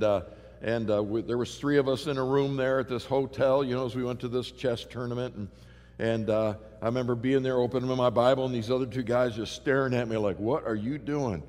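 A man's voice: medium pitch, a little mellow. A middle-aged man preaching a sermon, telling stories animatedly with many fillers and restarts. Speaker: pastor. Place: large church hall. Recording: long reverb of a church hall.

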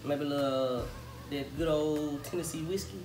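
A man's voice: a little high, moderate pace, far from the mic. A man joining a casual vlog and tossing out laid-back jokes. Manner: joking, laid-back remarks. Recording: echoey room, off-mic, with music.

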